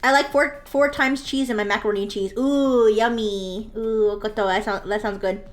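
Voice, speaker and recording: A woman draws on a live stream and chats playfully with her viewers in a medium-pitched, fairly even voice at normal speed, with soft music behind her. She giggles often and sometimes acts out a bratty daughter as a joke.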